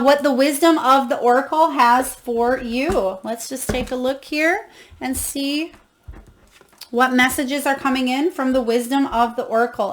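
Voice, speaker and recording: A woman's voice: sits high, slight background noise. A woman giving a tarot card reading to viewers, effusive and encouraging, reading guidebook passages aloud and exclaiming with emotion. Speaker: tarot reader.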